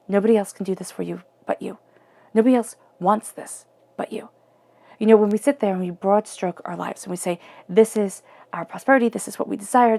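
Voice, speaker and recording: Gravelly-voiced woman giving an earnest tarot reading. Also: mid-range voice. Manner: earnest and intimate, often dropping to a soft near-whisper. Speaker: tarot reader.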